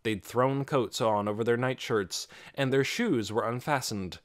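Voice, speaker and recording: A man reading an audiobook aloud with expressive storytelling. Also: mid-range voice, measured pace, no echo, studio quality. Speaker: audiobook narrator. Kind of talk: scripted audiobook narration.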